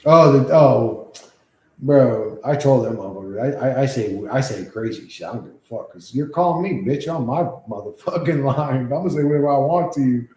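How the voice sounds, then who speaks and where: A man's voice: medium pitch, animated, a little fast, darkish tone. Profane rambling man livestreaming. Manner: profane, rambling, reacts to chat. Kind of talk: casual livestream chat. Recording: echoey room.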